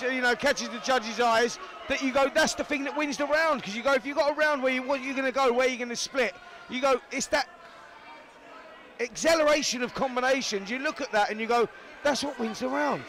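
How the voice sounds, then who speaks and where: High-voiced Cockney boxing commentator. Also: male voice, fairly quick, crowd noise. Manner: chatty, jokey banter. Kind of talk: live fight commentary.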